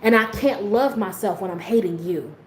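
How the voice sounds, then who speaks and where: A woman's voice: mid-range voice, normal speed, roomy sound, slight background noise, low-quality recording. A woman hosting a livestream, speaking frankly and with plenty of swearing as she talks straight to her viewers in a candid, motivational way. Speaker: livestream host.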